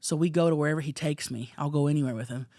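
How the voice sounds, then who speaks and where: A woman co-hosting a casual comedy podcast, telling bawdy stories with animated, stammering restarts. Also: low-pitched, very fast, dry recording. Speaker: podcast co-host.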